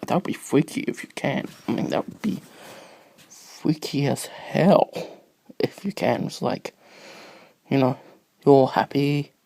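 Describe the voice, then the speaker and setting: Man vlogging with a cough, husky and raspy, dry close sound, rambling, slipping into whispers. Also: medium pitch, no echo. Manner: rambling, easily distracted, drifts into whispers. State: sick with a cough. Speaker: video blogger. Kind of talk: rambling casual monologue. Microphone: phone camera.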